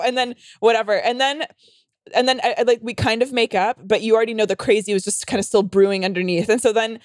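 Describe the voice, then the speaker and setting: A woman's voice: a little high, steady tone, quick pace, no room sound, studio quality. A young adult woman, a comedian and podcast host, telling a story in casual chat, rambling with constant fillers, swearing, and acting out quotes in dramatic voices.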